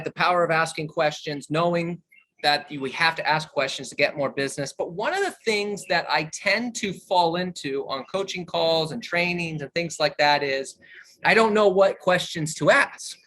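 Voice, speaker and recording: Animated man running a sales training. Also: sits high. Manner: animated, varies tone and speed to demonstrate questions. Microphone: video call.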